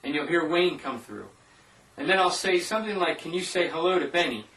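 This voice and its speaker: This ghost hunter talks fairly quickly and expressively, his fairly high voice carrying a sharp tone as he chats to his audience over his evidence footage. The sound is roomy, distant and roughly recorded.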